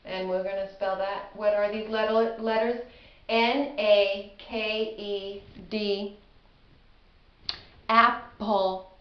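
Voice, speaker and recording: A woman's voice: mid-range voice, level tone. Chatty woman teaching spelling, echoey room. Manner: chatty, self-deprecating, sounds out words slowly. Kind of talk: casual spelling lesson at a whiteboard. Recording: echoey room, slightly dull audio.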